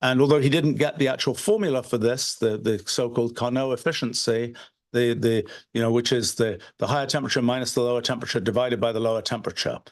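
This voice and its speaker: A man's voice: mid-range voice, steady tone. A man giving an unscripted livestream lecture, thinking aloud with frequent restarts and fillers. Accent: British. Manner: halting, many restarts and fillers. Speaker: presenter of a livestreamed talk.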